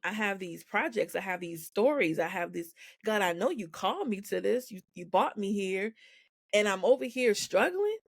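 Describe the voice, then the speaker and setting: A woman's voice: mid-range voice, animated, moderate pace, creaky, husky, dry recording, studio quality. A woman guest on a podcast, speaking frankly and with animation, laughing often as she tells her story. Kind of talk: candid conversational storytelling. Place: podcast recording.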